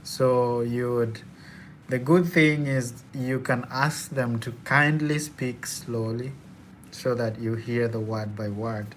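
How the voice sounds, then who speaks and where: A man's voice: medium pitch, fairly even intonation, takes it slowly, a little hiss or hum. A young man from Kenya with a Kenyan accent, chatting casually and laughing often as he hosts a live Q&A. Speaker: student and live-stream host.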